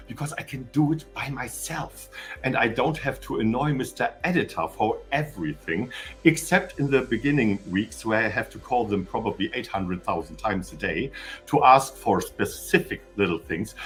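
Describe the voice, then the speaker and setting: A man with a German accent, hosting a casual live stream for his channel, rambling, stammering and chatting cheekily with his viewers. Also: fairly low pitch. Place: home in Austria.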